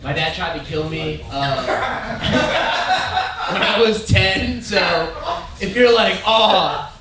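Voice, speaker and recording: A man's voice: sits high, extremely slow, very noisy. A male comedian doing a stand-up set at a live show, with a laid-back, dude-speak delivery. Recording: very echoey bar, audience crowd, off-mic distance.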